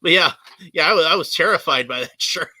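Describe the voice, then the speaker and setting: A man chatting casually, rambling and laughing a lot between thoughts. His voice is very bright and a little tense. It sounds dry and close, with almost no room echo. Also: fairly high pitch, expressive, quick pace, husky. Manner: rambling, laughs often, many fillers and restarts. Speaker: guest, artist and toy collector. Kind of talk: casual chat.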